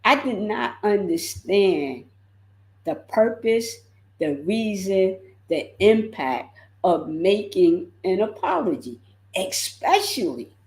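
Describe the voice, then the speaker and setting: A woman coaching her viewers in a motivational livestream, speaking slowly and leaning on repeated words for emphasis. Her voice sits a bit low and carries a roomy echo. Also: lively intonation, a little mellow. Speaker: life coach.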